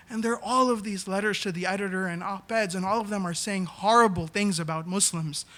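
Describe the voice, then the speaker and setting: A man from New York City tells a comic personal story on a small theater stage. His voice sits high and sounds bright and forward. He is animated and acts out the people he quotes. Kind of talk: live comedic storytelling.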